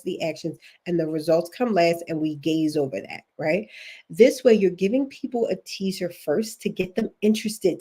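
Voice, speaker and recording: A woman with a Baltimore accent talks straight to her livestream viewers at a desk mic. She is a chatty, encouraging career coach who breaks off now and then to read comments aloud. Her pitch sits in an ordinary middle range. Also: mellow.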